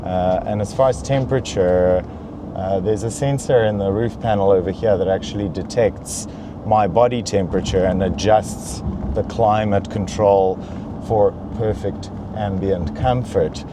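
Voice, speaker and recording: A young man with a lowish voice hosts a comedic car review from the back seat, speaking at a measured pace over some background noise. He reviews a luxury car in a playful, mock-pampered manner.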